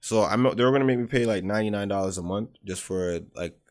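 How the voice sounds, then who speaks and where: A young man co-hosting a podcast in casual chat, laid-back but quick to protest. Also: a little mellow. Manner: laid-back, protests with rising pitch, repeats "hold on". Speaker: podcast co-host.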